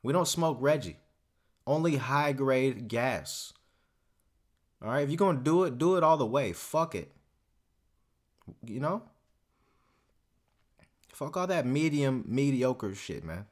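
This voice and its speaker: A man's voice: mid-range voice, lively intonation, slow, pauses often. A young man hosting a solo podcast, ranting casually in a profane, swaggering, rambling way. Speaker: podcast host.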